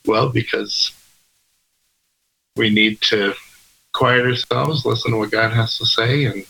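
A man taking part in a church roundtable, speaking in a halting, thoughtful way with small laughs. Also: mid-range voice, fairly even intonation, vocal fry, pushed and bright, a little hiss or hum, poor audio. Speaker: discussion participant.

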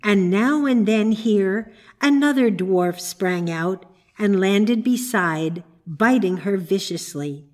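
Slow woman reading a storybook. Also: medium pitch, animated, a little mellow. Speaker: narrator.

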